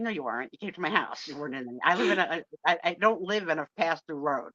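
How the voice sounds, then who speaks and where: Animated middle-aged woman co-host, bright lively voice, dull dry lo-fi stream audio. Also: low voice, fast, few pauses, no echo. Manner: animated, acts out voices in her stories. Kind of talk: casual storytelling chat.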